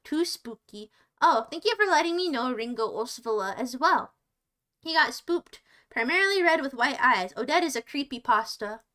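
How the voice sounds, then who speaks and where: A woman's voice: high voice, expressive, moderate pace, pushed and bright. A woman streamer chatting casually on a livestream, rambling playfully and often restarting her sentences.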